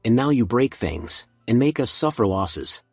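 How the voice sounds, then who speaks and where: A man voices a greedy, abusive middle-aged aunt in a storybook recap. He uses his own husky voice, close and dry. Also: mid-range voice, big pitch swings, a little slow, no room sound, faint music behind, heavily acted. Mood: harsh.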